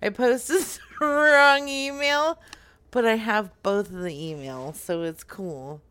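A woman's voice: on the high side, slow pace, a bit bright, clean tone. A woman co-hosting a casual chat, giggling often, swearing freely and trailing off into mumbles. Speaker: podcast co-host.

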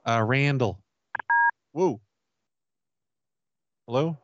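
A man making a prank call in a stammering, mock-earnest voice, delivering absurd requests with a straight face. His pitch sits in an ordinary middle range. The sound is dull and lo-fi. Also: extremely slow, a little hiss or hum. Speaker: prank caller host.

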